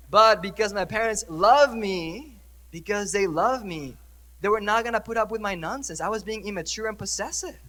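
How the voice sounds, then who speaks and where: A young priest with a high-pitched, sharp-toned voice preaches a conversational sermon in church, putting questions to the congregation. The church hall adds reverb to the recording.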